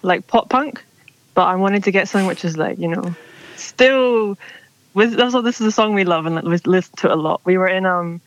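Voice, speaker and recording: A young woman with a medium-pitched voice calls in to a radio show, speaking a little fast. Her casual phone chat rambles with lots of "like," and the phone line sounds dull and dry.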